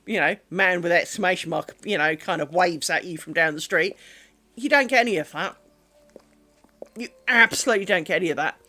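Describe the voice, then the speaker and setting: Chatty home craft streamer, woman, wry and self-mocking; bright voice, lively swoops, soft music underneath. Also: on the low side, fairly quick. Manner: chatty, wry, self-deprecating, talks to her pets. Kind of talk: casual live-stream chat. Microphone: desk microphone.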